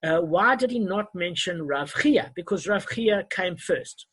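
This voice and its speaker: A man's voice: sits high, animated, unhurried, a bit bright, slightly rough, rough recording. A man teaching an online Talmud class over a video call, hesitant and often correcting himself with many fillers.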